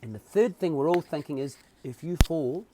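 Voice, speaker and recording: Lively New Zealand man telling stories. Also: a little high, normal speed, noisy background. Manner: acts out dialogue with lively swings in voice. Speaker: guest. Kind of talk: animated storytelling.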